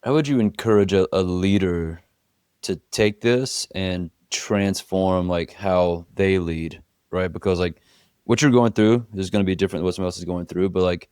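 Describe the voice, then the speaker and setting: A man's voice: sits low, moderate pace, a little mellow, clean tone, no echo, studio quality. A man co-hosting a podcast, asking a guest questions with frequent restarts as he works them out. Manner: stumbling restarts while forming questions. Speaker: podcast host. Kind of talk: interviewing.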